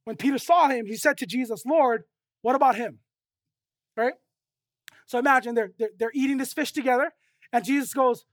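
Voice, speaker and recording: A pastor preaching a sermon emphatically, often checking in with listeners with quick tag questions and acting out quoted dialogue in a conversational way. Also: high-pitched, no room sound, studio quality.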